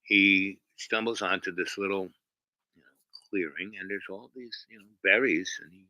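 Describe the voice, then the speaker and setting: A man with a low, very bright and sharp voice, recorded dry and close. He rambles through a casual story on his own channel. He halts often and restarts his sentences, full of ums. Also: fairly even intonation, no room sound, low-quality recording. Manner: halting, many fillers and restarts. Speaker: channel host.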